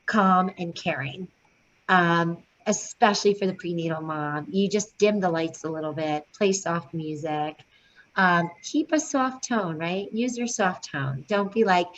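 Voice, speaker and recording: A woman's voice: fairly low pitch, lively intonation, measured pace. A woman leading a prenatal yoga teacher training, talking in a chatty way with many fillers. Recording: dull lo-fi sound with faint noise.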